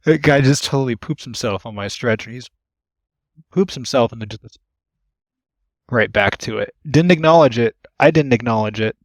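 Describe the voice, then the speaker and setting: A young man recounting strange ambulance calls in relaxed podcast conversation. He laughs often and jumps into the voices of the people he quotes. His voice sits at a medium pitch and sounds close and dry, with no room around it. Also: moderate pace, no echo. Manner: animated storyteller, laughs often, acts out quotes. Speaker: guest, ambulance AEMT. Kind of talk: casual storytelling chat.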